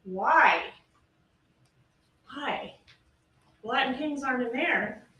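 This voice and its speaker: With a high-pitched, expressive voice that is pushed and bright, a woman prosecutor slowly delivers her closing argument, hammering her points with rhetorical questions to the jury. The courtroom recording is roomy and far off, carrying a faint hiss.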